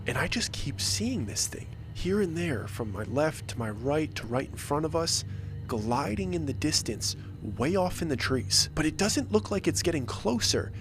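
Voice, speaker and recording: A man narrating a first-person scary story in an animated, suspenseful way, acting out the dialogue as he goes. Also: fairly high pitch, background noise.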